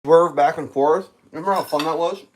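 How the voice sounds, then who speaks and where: A mid-range voice, a little fast, rants profanely through traffic anecdotes during a live stream. The ramble is thick with "like," and the animated speaker acts out other drivers in loud bursts.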